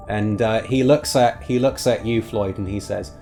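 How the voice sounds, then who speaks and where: Gravelly-voiced man running a tabletop game. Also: fairly low pitch, fairly even intonation, moderate pace, hardly any pauses, warm tone, faint music behind. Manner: thoughtful, hesitant, many fillers. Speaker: game master.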